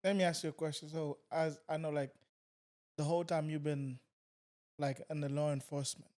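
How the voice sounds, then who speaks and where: A man's voice: a little high, fairly even intonation, a little fast, a little mellow. A man hosting a podcast, asking questions hesitantly with many filler words. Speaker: podcast host. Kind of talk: interview questions.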